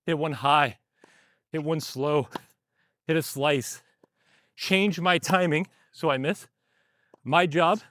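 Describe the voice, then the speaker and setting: A man's voice: a little high, no echo, clean studio sound. A man teaching tennis while he rallies on a court, a bit out of breath, explaining in short bursts between shots. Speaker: tennis coach.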